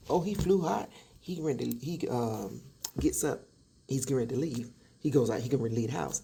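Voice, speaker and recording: A woman's voice: rumbling low, expressive, fairly quick, creaky, long pauses, dark tone, a little hiss or hum. A woman telling a true story in a dramatic, sassy storytime style, acting out each voice. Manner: dramatic, sassy, acts out every voice. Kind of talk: animated storytime.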